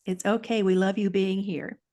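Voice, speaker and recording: A woman leading a casual group video chat, gently encouraging others to share. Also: mid-range voice, flat delivery, normal speed.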